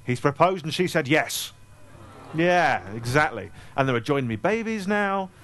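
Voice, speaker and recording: A man, telling comic anecdotes to a live audience at a store event in a self-deprecating, animated way. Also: on the high side, measured pace. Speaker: author speaking at a store event.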